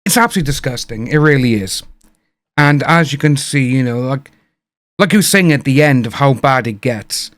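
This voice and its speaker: A man's voice: medium pitch, no room sound. A British man giving rambling casual commentary and acting out what others said. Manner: chatty, rambling, acts out quotes. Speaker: reaction video host.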